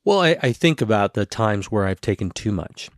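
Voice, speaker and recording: A man's voice: on the low side, very animated, normal speed, dry recording, studio quality. A man co-hosting a casual podcast as a parent, telling rambling stories and swearing freely.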